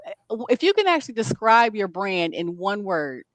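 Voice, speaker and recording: A woman's voice: mid-range voice, very animated, moderate pace, dry recording. A woman hosting a casual interview, encouraging and affirming her guest as she asks questions. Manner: encouraging, frequent affirming fillers. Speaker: interview host.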